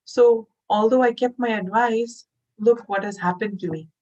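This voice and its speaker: A woman voicing a weak, beaten-up male snake in a storybook tale, talking in a soft, whispery, plaintive way. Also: fairly high pitch, normal speed, muffled recording, voice pushed up, close to an everyday voice. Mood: rueful.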